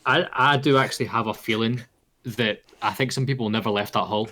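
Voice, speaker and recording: A man's voice: mid-range voice, fairly even intonation, brisk, sharp tone. A Scottish man co-hosting a podcast, chatting and laughing, breaking in with asides. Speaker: podcast co-host. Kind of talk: casual chat.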